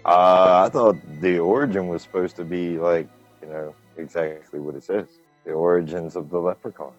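A man's voice: sits low, fairly even intonation, normal speed, dull audio, faint music behind. A man co-hosting a movie podcast, talking bluntly and enthusiastically and swearing freely. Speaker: podcast co-host. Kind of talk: casual chat.

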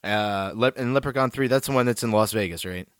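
A man hosting a movie podcast in relaxed, chatty talk with plenty of fillers. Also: lowish voice, brisk, no echo, clean studio sound. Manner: laid-back, chatty, many fillers. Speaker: podcast host. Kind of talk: casual chat.

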